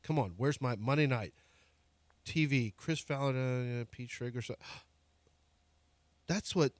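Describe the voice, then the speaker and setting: A man hosting a sports radio show, chatting casually and telling stories with lively mimicry. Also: medium pitch, slow pace, no echo. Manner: animated storyteller, mimics his shouting son.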